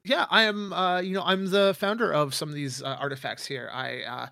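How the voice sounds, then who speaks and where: A man voicing a friendly male museum founder who talks in a halting, chatty way. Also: fairly high pitch, steady tone, vocal fry, sharp tone, no echo.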